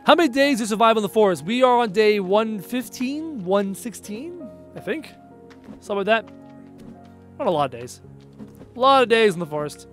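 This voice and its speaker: A man with a Canadian accent, streaming a game and chatting sarcastically with his viewers. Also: sits high. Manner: chatty and sarcastic, answers chat aloud. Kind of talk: casual live-stream chat while gaming.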